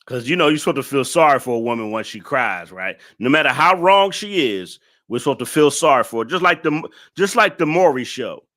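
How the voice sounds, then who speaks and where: A man's voice: medium pitch, expressive, fairly quick, few pauses, fairly bright tone. A man hosting a live stream, reacting to a clip and scolding his chat commenters in an exasperated way.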